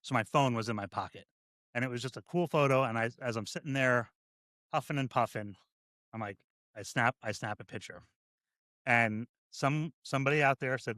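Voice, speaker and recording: A man who is a deputy fire chief, a guest on a podcast, speaking in a halting, reflective way with many restarts. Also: medium pitch, bright, forceful tone, no room sound, clean studio sound. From United States. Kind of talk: casual podcast conversation.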